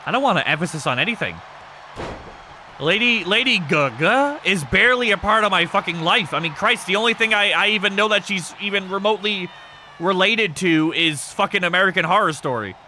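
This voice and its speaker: A man hosting a livestream, chatting casually with viewers. He jokes, swears often and breaks into sudden shouts. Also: sits high, a little fast, slight background noise. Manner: excitable, joking, swears a lot, bursts into shouts. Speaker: streamer host of a wrestling show.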